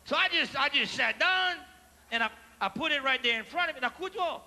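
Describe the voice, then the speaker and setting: A man with a Cajun accent telling comic stories on stage, animated and mixing in French phrases as he asks the audience questions. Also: very high voice, fast. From Louisiana. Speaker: stand-up comedian. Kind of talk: live stand-up storytelling. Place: large theater stage before a live audience. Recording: live theater recording with hall reverb and faint ambience.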